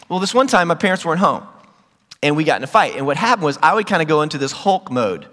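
A middle-aged pastor tells a story from his childhood in a sermon, animated and quick, leaping into loud, high squeals as he acts out the scenes. A long hall reverb trails behind his voice.

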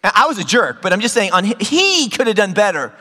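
Animated high-voiced preacher in a hall. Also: male voice, brisk. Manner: animated storyteller, jumps to loud high squeals when acting scenes. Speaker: pastor. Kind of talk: sermon. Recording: long hall reverb.

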